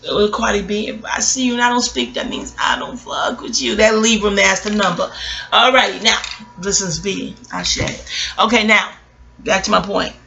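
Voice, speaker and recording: Bright-voiced rambling woman astrologer. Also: mid-range voice, steady tone, normal speed, gravelly. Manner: rambling, digressive, blunt with profanity. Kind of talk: casual reflective monologue.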